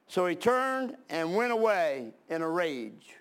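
High-voiced preacher reading scripture. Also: male voice, big pitch swings, takes it slowly, fairly bright tone, clean tone. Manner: reads scripture aloud, then retells it plainly with fillers and restarts.

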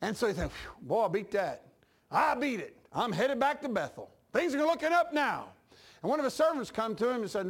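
Preacher guy, real high voice that swoops all over, folksy storytelling sermon. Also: big pitch swings, fairly quick, breathy edge. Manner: folksy storytelling preacher, acts out dialogue, laughs at his own jokes. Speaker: pastor.

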